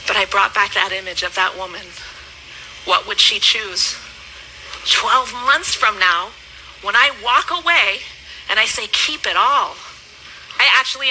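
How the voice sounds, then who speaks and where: A woman in her thirties, a business coach, giving an emphatic motivational speech that swings between loud and hushed. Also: on the high side, slight background noise, low-quality recording.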